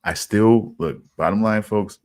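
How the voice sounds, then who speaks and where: A man co-hosting a podcast in casual chat, halting and repeating himself. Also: lowish voice, a little mellow, no room sound. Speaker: podcast co-host.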